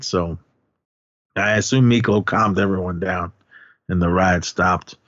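A man's voice: fairly low pitch, normal speed, fairly bright tone, no room sound, dull audio. A man co-hosting a podcast, casually retelling a film's plot with many fillers and quoting lines from it. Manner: rambling retelling with acted-out quotes and filler words. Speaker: podcast co-host. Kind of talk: casual movie recap chat.

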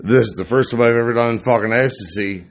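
A man co-hosting a podcast, telling a story in relaxed casual chat. He rambles, repeats himself and swears freely. His pitch sits in the middle range. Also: quick pace, music in the background. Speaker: podcast co-host.

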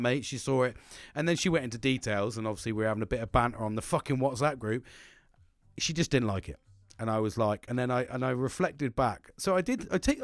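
A young man telling a work story in a casual, animated way, swearing constantly and laughing as he goes. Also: mid-range voice, no echo, studio quality.

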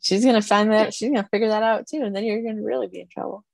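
A woman's voice: mid-range voice, fairly even intonation, very fast, gravelly, no room sound. A woman hosting a casual interview, laughing often and self-deprecating. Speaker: podcast host.

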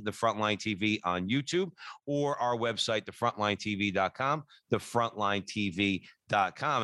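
A man's voice: mid-range voice, bright, forceful tone, dry recording. A man co-hosting a radio talk show, introducing a guest in an upbeat, chatty way with frequent fillers. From New Jersey.

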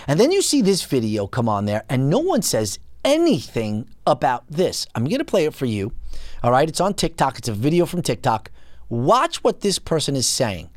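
A man's voice: medium pitch, huge pitch swings, normal speed, dry recording. A man hosting a podcast, ranting in an indignant, incredulous and mocking way. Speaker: podcast host. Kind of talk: ranting commentary.

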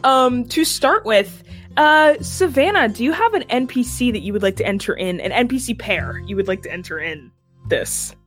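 A woman with a fairly high voice runs a tabletop game from her home mic on a video call. She is chatty and giggly, and laughs easily between rules explanations. Faint music plays quietly behind her. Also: lively intonation, moderate pace. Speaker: game master. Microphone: home microphone on a video call.

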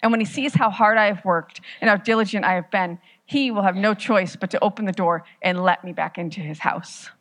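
A woman's voice: medium pitch, brisk, few pauses, lightly acted. A woman voicing a guilt-ridden young brother. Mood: pleading. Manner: anxious, self-condemning, insistent. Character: desperate guilt-driven young man, rock-stacking brother.

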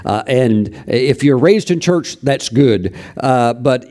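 Male preacher, folksy storyteller, mellow tone, lots of restarts. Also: medium pitch, animated, slow pace. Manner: folksy, anecdotal, many restarts. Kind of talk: sermon storytelling.

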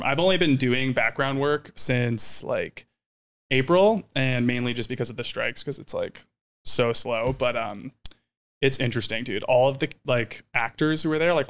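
A young man, a comedian and actor, telling stories casually with lots of laughs and swearing. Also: medium pitch. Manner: animated, swears, laughs often. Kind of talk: casual storytelling.

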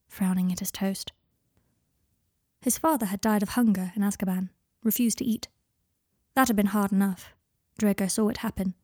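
A woman narrating a fan fiction audiobook in a calm, even reading voice. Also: mid-range voice, no echo, studio quality.

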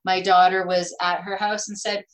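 A middle-aged woman, an author, chatting in a lively, storytelling way. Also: on the low side, normal speed, low-quality recording. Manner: chatty, animated storytelling with laughs. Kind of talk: casual conversation.

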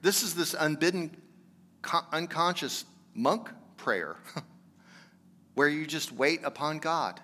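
A man's voice: a little high, slow, long pauses, sharp tone. A man preaching a sermon as pastor, talking in a conversational, earnest way that builds to emphatic exhortation. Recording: long hall reverb.

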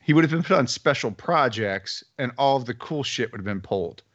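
A man's voice: medium pitch, lively intonation, fairly quick, fairly bright tone, dull audio. A man on a casual podcast, arguing emphatically and repeating words for stress.

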